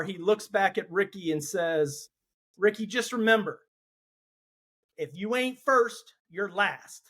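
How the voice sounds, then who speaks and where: A man guesting on a podcast, calmly walking through his favorite movie scene. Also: high voice. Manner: steady, explains his pick step by step. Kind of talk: casual movie chat.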